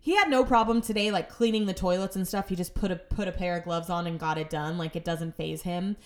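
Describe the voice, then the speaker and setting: A woman's voice: on the low side, brisk. Chatty woman telling home stories. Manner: chatty, exasperated, sarcastic asides. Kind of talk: casual storytelling monologue.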